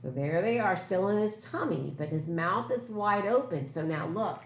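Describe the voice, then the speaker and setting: A woman reading a picture book aloud to children, animated and exclaiming as she points out the pictures. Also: on the low side, normal speed, few pauses. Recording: echoey room with faint noise.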